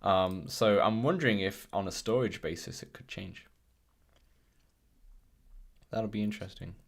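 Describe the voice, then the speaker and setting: A man hosts a casual podcast livestream from his home setup, talking into a desk mic on a video call. His voice sits on the low side, and he rambles with plenty of ums and restarts. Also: unhurried, gravelly. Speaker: podcast host.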